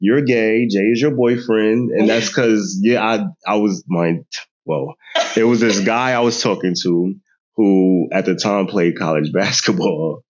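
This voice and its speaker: A low-pitched man in his thirties tells a family story on a podcast, animated and laughing often, slipping into voices of relatives. The sound is dull and lo-fi. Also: unhurried. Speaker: podcast guest. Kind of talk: casual storytelling chat.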